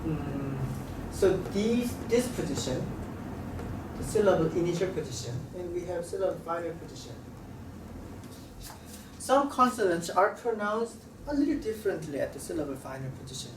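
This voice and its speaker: A man teaching a language lesson, talking haltingly and repeating sounds to demonstrate them. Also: high voice, sing-song. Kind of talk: classroom lecture at a board. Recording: roomy, slightly distant mic with faint room noise.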